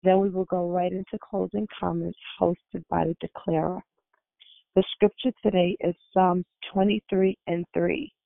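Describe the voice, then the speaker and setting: A woman hosting a prayer phone call, reading the order of service in a measured, formal way. Her voice has a gravelly edge. The sound is dry and squeezed through a tinny phone line. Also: lowish voice, fairly even intonation, no echo. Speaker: call host and greeter. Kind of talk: scripted announcements.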